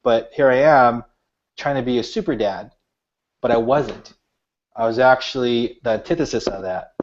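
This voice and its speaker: A middle-aged author and speaker tells stories earnestly during an interview, restarting his sentences many times. His voice is medium-pitched at a normal speed, captured in dull lo-fi audio.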